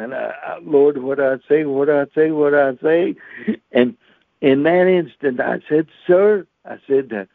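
Gravelly-voiced preacher telling a story. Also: male voice, a little high, normal speed, dry recording. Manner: animated storyteller, laughing often, acting out other voices. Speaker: radio chaplain. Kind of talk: storytelling sermon. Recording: tinny phone-line radio audio.

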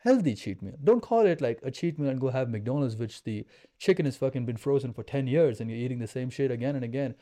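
A man's voice: medium pitch, lively intonation, fast talker, dark tone. A man in his twenties, a podcast guest, talking in an intense, emphatic, slangy way. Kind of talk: casual chat.

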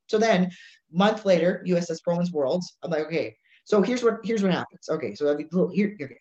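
Woman on a podcast telling a story all animated, does everyone's lines, roomy echo, kinda dull lo-fi audio. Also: lowish voice, a little fast. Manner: animated storyteller acting out dialogue. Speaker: strongwoman competitor. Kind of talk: casual chat.

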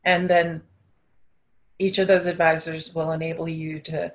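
A woman's voice: low voice, flat delivery, measured pace. A woman who works as a dental practice consultant, giving earnest, practical advice in an interview. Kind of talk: interview answers.

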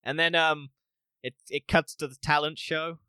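A man co-hosting a casual podcast review, animated, acting out scenes and laughing often. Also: a little high, normal speed, clear, resonant tone, dry recording. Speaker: podcast co-host. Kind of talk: casual spoiler review chat.

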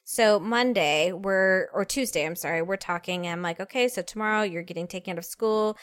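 A woman in her thirties chatting casually, telling lively stories and acting out her kids' voices. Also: medium pitch, fairly quick, no echo. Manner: animated storyteller, acts out kids' voices. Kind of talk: casual chat.

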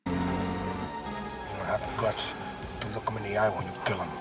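An actor playing a volatile, furious drug lord in a film clip, shouting and cursing. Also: male voice, low-pitched, little pitch movement, a little slow. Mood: enraged. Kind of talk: film dialogue. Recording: film clip with music behind.

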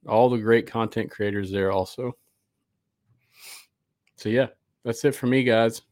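A man's voice: mid-range voice, dry recording, studio quality. A man hosting a live podcast, chatting loosely and rambling with fillers and restarts. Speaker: podcast host. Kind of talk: casual live podcast chat.

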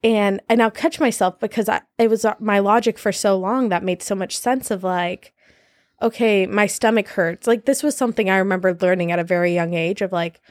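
A woman's voice: medium pitch, steady tone, brisk, no room sound. Candid young woman, dry sound. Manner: candid, laughing often, many fillers. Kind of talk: casual chat.

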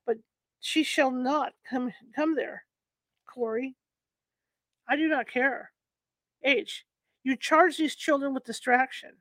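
A woman's voice: high-pitched, no room sound. A woman reading an old court transcript aloud, stumbling and restarting over the archaic wording.

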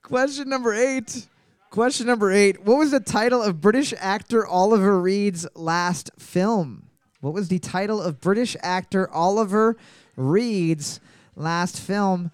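A man's voice: sits high, a little slow, clean tone, no room sound. A man hosting a casual trivia quiz, joking, swearing freely and reading each question twice. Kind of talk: casual comedic banter.

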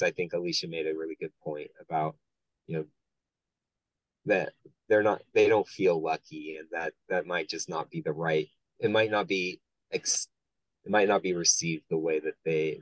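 A man's voice: sits low, no room sound, poor audio. A man, a foster parent, talking through his thoughts in a casual discussion, full of restarts and fillers. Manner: halting, many restarts and fillers.

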